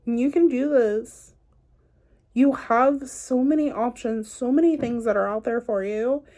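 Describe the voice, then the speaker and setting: Tarot reader, woman, warm low-key tone, chatty and reassuring, addresses the viewer directly. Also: a little slow. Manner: chatty, encouraging, talks straight to the viewer; loose and playful, says "like" and "y'all". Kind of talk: casual spiritual card reading to camera.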